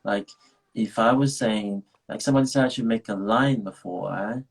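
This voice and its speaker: A man's voice: lowish voice, moderate pace, creaky, husky, poor audio. A man from Nigeria, an actor being interviewed over a video call, talking casually and rambling with many restarts and laughs. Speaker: actor guest.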